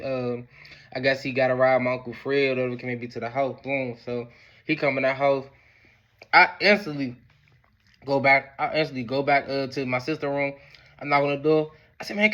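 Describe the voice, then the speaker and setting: A man's voice: flat delivery, fairly quick, fairly bright tone, muffled recording. A man telling a personal story in casual, slangy speech, with lots of fillers. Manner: slangy, laid-back, peppered with "boom" and "whatever the case may be".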